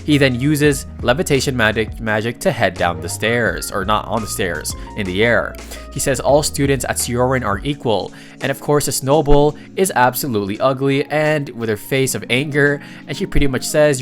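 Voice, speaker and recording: A man at a mid pitch, recapping a comic with casual, chatty narration. He drops jokey asides and stumbles over a word now and then. Soft music plays faintly under his voice. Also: fairly quick.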